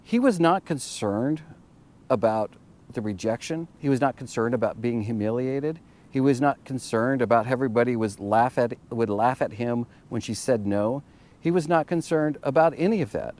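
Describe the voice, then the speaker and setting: Halting, earnest motivational man. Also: mid-range voice, a little mellow. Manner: halting, repeats words while searching for them. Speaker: motivational vlogger. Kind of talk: casual motivational monologue.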